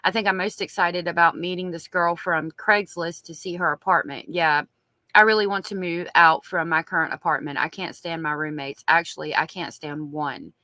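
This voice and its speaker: A woman's voice: fairly low pitch, steady tone, moderate pace, bright, forceful tone, no echo. Southern woman reading on a live stream. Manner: chatty, reads diary aloud and reacts to chat. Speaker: true crime streamer.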